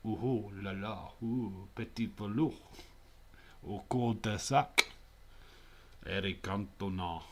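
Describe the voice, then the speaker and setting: A man's voice: on the low side, takes it slowly, sharp tone, slight background noise, full character voice. A man voicing a hammy Frenchman in an exaggerated mock French accent. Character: hammy Frenchman sighing ooh la la.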